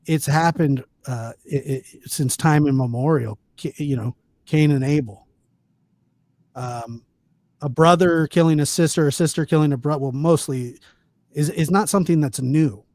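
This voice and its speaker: A man hosting a podcast, talking in an indignant, halting way with many restarts. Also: on the high side, a little mellow. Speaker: podcast host. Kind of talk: casual chat.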